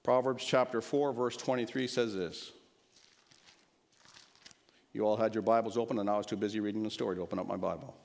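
A man preaching a sermon to a congregation, reading a rhyming story aloud in a lively, rhythmic way before giving advice. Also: on the low side, a little fast, gravelly, pauses often. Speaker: pastor. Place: church. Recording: long church reverb.

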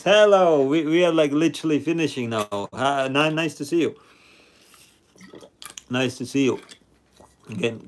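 A man's voice: mid-range voice, gravelly. A man hosting a live stream number game, chatting with viewers and reading out their names and rankings. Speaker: livestream host.

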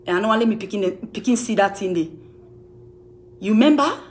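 Speaking in a mid-range voice that's expressive and fairly quick, a woman with a Sierra Leonean Krio accent delivers a heated rebuttal to camera. She's a music manager answering accusations, and she's accusing, emphatic and repetitive about it.

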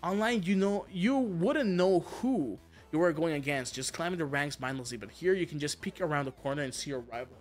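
A man streaming a game, chatting casually and telling stories, excitable and swearing a lot with frequent laughter. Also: a little high, fairly quick, few pauses, soft background music. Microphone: streaming mic.

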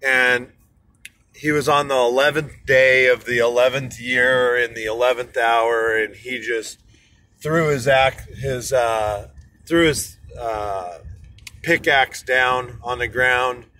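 A man's voice: mid-range voice, fairly even intonation, slow, pushed and bright. A man, an inspirational speaker, telling a motivational story from his car in traffic, rambling with fillers. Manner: rambling, many fillers and restarts. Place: car in rush hour traffic.

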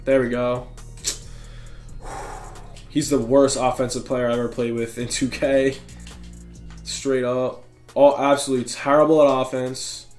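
A young man giving excitable, slangy running commentary over his own video game play as a gaming channel host. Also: medium pitch, unhurried, long pauses, soft background music. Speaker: gaming YouTuber. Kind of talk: live gameplay commentary.

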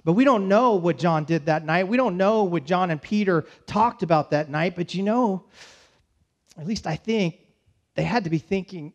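Man, pastor, high voice, storytelling sermon, conversational, church. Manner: storytelling, voices the disciples' panic in quick asides.

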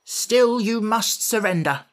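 Man doing a fierce, impatient girl general, high and commanding. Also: normal speed, a bit bright. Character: fierce, determined young woman rebel general.

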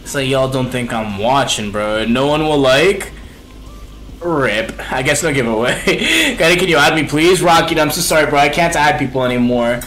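A young man streaming a video game live, chatting excitably to viewers in slang and calling everyone bro. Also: medium pitch, normal speed, a little hiss or hum. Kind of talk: live gameplay commentary.

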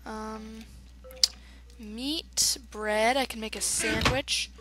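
Slow-talking woman gaming with noise behind. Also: fairly high pitch, steady tone. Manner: chatty, reacts aloud to the game. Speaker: gamer. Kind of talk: let's play commentary.

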